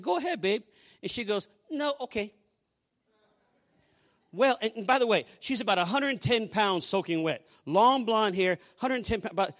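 A male pastor preaching and telling a story to a congregation, swinging between hushed asides and loud exclamations. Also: high voice. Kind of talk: sermon storytelling.

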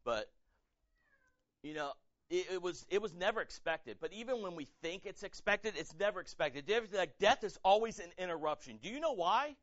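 A man's voice: high-pitched, animated, fairly quick, no echo. Male pastor, fervent stumbling delivery, brassy edge, dry and a little dull on the mic. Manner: impassioned, repeats words and restarts, rising to near-shouting. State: emotionally raw. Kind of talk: sermon.

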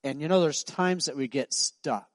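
This middle-aged pastor delivers his sermon at a moderate pace, his voice on the higher side. He tells stories in a conversational way and performs the voices of their characters. The setting is a church sanctuary, though the recording carries no room sound.

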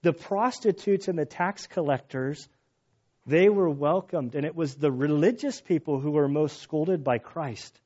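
A middle-aged man preaching a sermon as pastor, earnest and halting, often restarting his phrases. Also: a little high, warm tone. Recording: dull lo-fi sound.

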